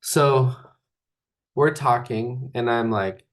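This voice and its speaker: A man's voice: medium pitch, takes it slowly. A man hosting a casual spiritual talk, rambling loosely and filling his speech with "like". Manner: rambling, filler-heavy, full of "like". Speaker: spiritual coach and host.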